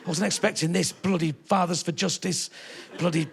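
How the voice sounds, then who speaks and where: A man's voice: high-pitched, steady tone, normal speed, gravelly, pitched below the performer's own voice. A man voicing a prim older woman at the theatre, scandalised and tutting as she gossips to her friend.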